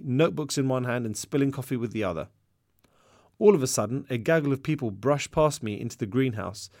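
A man reads his own novel aloud in first person, with lively storytelling at a medium pitch. The recording is very dry and close, with no room sound. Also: dry recording. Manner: lively storytelling with voiced dialogue. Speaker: author reading his own book. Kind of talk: first-person audiobook narration.

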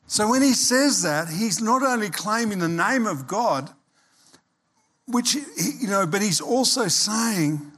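A man preaching a sermon as pastor, animated and emphatic, acting out quoted voices. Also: sits high.

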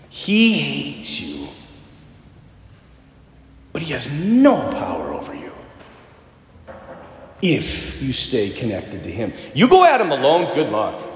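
A man, a priest, preaching a sermon and telling stories in an animated way, acting out the voices of the people in them. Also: mid-range voice, echoey room, long reverb tail.

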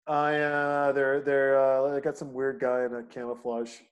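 A man's voice: mid-range voice, flat delivery, a little slow. A man co-hosting a casual chat, talking in long, profane, emphatic rants.

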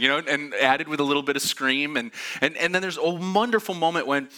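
A man preaching a sermon in church, telling a funny family story, animated and laughing often. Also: fairly high pitch, brisk, few pauses. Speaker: pastor. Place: church auditorium.

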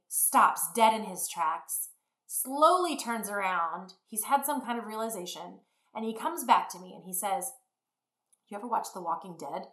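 A woman's voice: medium pitch, roomy sound. A middle-aged woman telling a rambling story in a casual way and acting out what people said. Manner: rambling, animated, acts out quotes. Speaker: fitness business founder.

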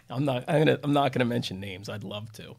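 Man, defense lawyer, podcast host, gravelly, rambling storyteller. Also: medium pitch, a little fast, a little mellow. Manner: rambling, many restarts and asides, chuckles. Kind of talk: casual storytelling podcast talk.

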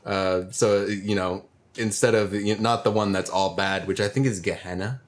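A man with a fairly low voice recounting a tabletop game in a halting, filler-heavy way. He talks loosely and casually. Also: fairly even intonation. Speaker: podcast co-host and game master. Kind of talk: casual chat.

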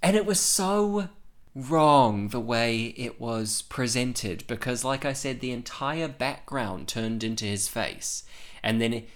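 A man recapping a horror film in casual chat, animated and profane, laughing often. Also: medium pitch, takes it slowly. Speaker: podcast co-host.

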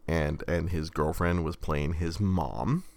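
Deep gravelly young man rambling. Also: steady tone, slow pace, darkish tone. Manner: rambling with many restarts and fillers. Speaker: podcast co-host. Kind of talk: casual chat.

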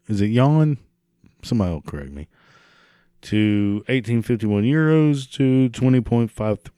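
Low-voiced, profane podcast host. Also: male voice, darkish tone, no room sound, clean studio sound. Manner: profane, sarcastic, rambling asides. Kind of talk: solo podcast commentary.

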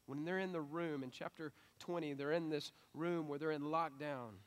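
A middle-aged male pastor giving a sermon in a conversational, animated way that builds to emphatic peaks. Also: a little high, normal speed.

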